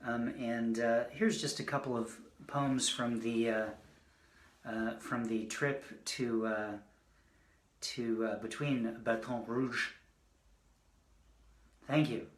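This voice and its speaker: A man's voice: mid-range voice, fairly even intonation, slow pace, echoey room. A man giving a casual poetry reading, rambling and joking between poems. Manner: rambling, self-deprecating asides between poems. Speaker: poet reading his work. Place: indoors, online reading.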